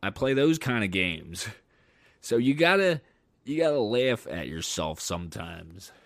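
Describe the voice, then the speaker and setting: A young man with a lowish voice talks straight into a dry, close mic. He hosts his own podcast and tells frank, cursing stories about dating. When he retells the fright, he climbs high and loud. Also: a little slow, vocal fry, dry recording. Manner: candid and profane, animated when retelling a scare. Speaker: podcast host. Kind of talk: casual storytelling monologue.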